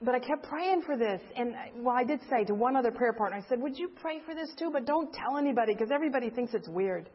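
An older woman preaches in a high voice, telling her story with animated, acted-out quotes. The recording sounds a little dull and lo-fi. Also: fast, hardly any pauses, slightly rough. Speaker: speaker. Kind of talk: sermon storytelling.

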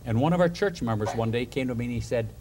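A man preaching a storytelling sermon, an animated storyteller who chuckles between points and puts questions to his listeners. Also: mid-range voice, fast, slight background noise.

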